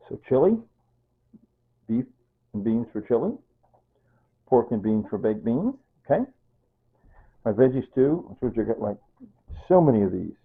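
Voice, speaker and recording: Older guy rambling about his pantry, husky voice, sounds like a phone line. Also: medium pitch. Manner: chatty, repeats himself, frequent throat clearing. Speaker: prepping vlogger. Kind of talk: rambling casual vlog talk. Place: home room with pantry shelves and computer. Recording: tinny phone-like audio.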